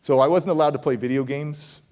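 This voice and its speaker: A middle-aged man giving a motivational keynote, his voice sitting a bit high for a man. He tells the story with lots of animation and suddenly leaps up in pitch to act out other people's lines. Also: a little fast. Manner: animated, acts out quoted voices with big pitch jumps. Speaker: motivational speaker. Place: conference hall stage.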